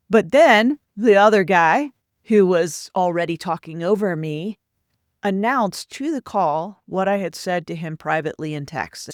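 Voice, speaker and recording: A woman's voice: fairly low pitch, no echo, clean studio sound. A woman career coach candidly recounting a personal workplace story, acting out the quoted dialogue as she goes.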